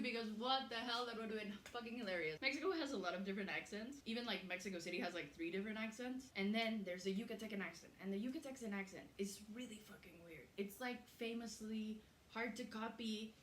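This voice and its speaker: A woman's voice: medium pitch, fast, a bit bright, a little hiss or hum. A young woman hosting a casual cooking vlog in her home kitchen, chatty, swearing freely and laughing easily. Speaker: cooking show host. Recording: roomy kitchen echo.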